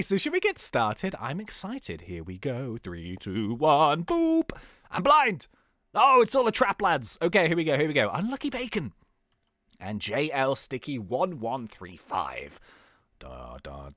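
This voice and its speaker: A man's voice: fairly bright tone, no echo, studio quality. A young man giving jokey, playful commentary while playing a game. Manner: playful, jokey, laughs at own jokes, wildly swinging pitch. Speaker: gaming YouTuber. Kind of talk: casual gameplay commentary.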